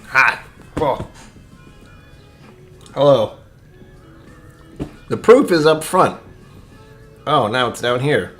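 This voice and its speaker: A man's voice: mid-range voice, animated, drawn-out words, pauses often, a bit bright, soft background music. A man streaming a casual whiskey tasting, rambling to his viewers and muttering asides that sink to near-whispers. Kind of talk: casual livestream chat.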